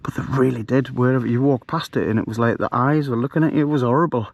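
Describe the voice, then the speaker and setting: A middle-aged man talks at an ordinary middle pitch, rambling casually with plenty of fillers and restarts. He is recorded on a handheld camera outdoors at night. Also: fairly even intonation, quick pace, vocal fry, dry recording, muffled recording. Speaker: camper vlogger. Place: outdoors at night in a bivvy bag.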